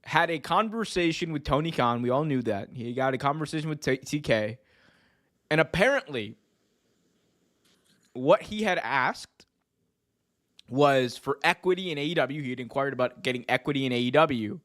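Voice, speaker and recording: A man co-hosting a casual wrestling podcast, slangy and animated, laughing often. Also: mid-range voice, moderate pace, long pauses. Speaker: podcast co-host.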